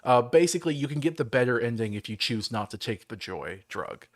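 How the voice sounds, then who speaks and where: A man's voice: medium pitch, animated, brisk. A man hosting a livestream, rambling through a game story in casual chat with lots of fillers. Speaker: livestream host.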